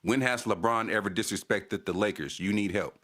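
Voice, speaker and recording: A man's voice: fairly low pitch, moderate pace, a bit bright. Heated profane man ranting on a stream. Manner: profane, heated, repeats himself. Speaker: channel host. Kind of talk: casual live-stream rant.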